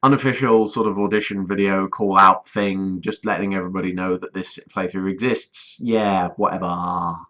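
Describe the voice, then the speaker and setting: A man's voice: low-pitched, fairly even intonation, normal speed, hardly any pauses, pushed and bright, lo-fi sound. A man casually rambling through a vlog update, self-deprecating and often stalling mid-sentence as he calls for voice auditions. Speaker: YouTuber directing a voiced let's play.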